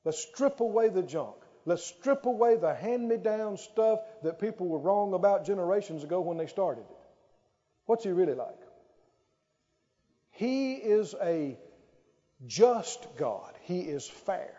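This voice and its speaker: Emphatic preacher in a reverberant hall. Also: male voice, high-pitched, lively intonation, warm tone. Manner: emphatic, drawn-out phrases with call-and-response. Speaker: pastor. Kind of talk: sermon. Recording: dull, lo-fi sound with long hall reverb.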